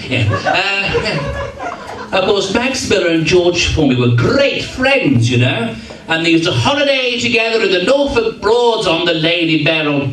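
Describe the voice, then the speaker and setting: A man's voice: sits high, sing-song, moderate pace, fairly bright tone. A man doing comic stage patter, teasing and chatting with his audience in a hall. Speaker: entertainer. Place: function hall with a live audience. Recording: roomy hall recording from a distance with crowd.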